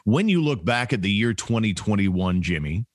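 A man's voice: lowish voice, very animated, moderate pace, no room sound. A man co-hosting a podcast from his home studio, easygoing and steering the talk between topics. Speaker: podcast co-host. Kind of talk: casual chat.

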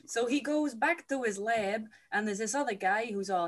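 A woman's voice: on the high side, normal speed. A woman hosting a comedic movie recap, joking and giggling through playful asides. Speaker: podcast host.

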